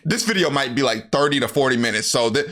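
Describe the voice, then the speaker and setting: Bright-voiced young man recapping a movie. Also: fast. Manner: animated, profane, acts out characters' lines in jumpy higher voices.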